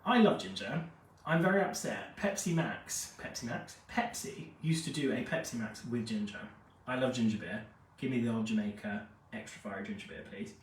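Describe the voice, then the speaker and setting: Unwell and feverish after his jab, a man hosts a live fragrance review, chatty and effusive as he reads viewer comments. He speaks briskly in a lowish voice with lively intonation, recorded in an echoey room from afar with a bit of hiss or hum.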